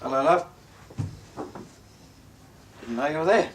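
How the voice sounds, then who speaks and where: A man's voice: a little high, animated, slow, a little hiss or hum. An Australian actor playing a middle-aged, hard-of-hearing father in a 1970s film drama who talks bluntly and teases his family. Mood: gruff. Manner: blunt, teasing. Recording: echoey room in an old film.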